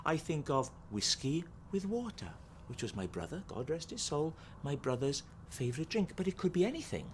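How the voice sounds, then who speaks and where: A man's voice: a little high, very animated, normal speed, few pauses, a little hiss or hum. A middle-aged man with a Welsh accent, playing a chatty sitcom character who patiently explains things in a folksy way. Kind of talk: scripted TV comedy acting.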